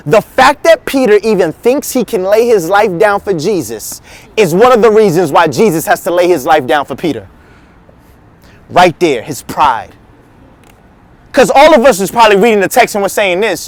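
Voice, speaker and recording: A man's voice: high voice, big pitch swings, normal speed, no room sound. A male teaching pastor giving a casual, slangy sermon, acting out the quotes he tells. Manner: slangy, conversational, acts out quotes.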